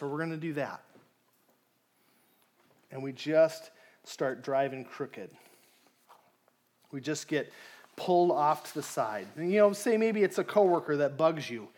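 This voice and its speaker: A male pastor gives a conversational sermon, asking the congregation questions and acting out people's inner voices. His voice is fairly high and a bit bright.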